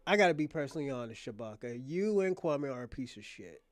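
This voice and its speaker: A man's voice: mid-range voice, very animated, fast talker, dry recording. A man hosting a commentary show, ranting bluntly and emphatically with frequent restarts.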